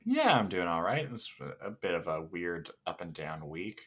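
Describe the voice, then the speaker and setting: Lively joking male podcast host. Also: sits low, normal speed, husky. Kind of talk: casual chat.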